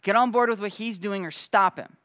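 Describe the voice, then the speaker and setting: A man gives a casual sermon, talking loosely and slangily with bursts of animation as he acts out little scenes. His voice sits a bit high for a man and is recorded close and dry, with almost no room sound. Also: fairly quick, pushed and bright, no room sound. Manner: laughs now and then, loose slangy phrasing. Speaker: pastor.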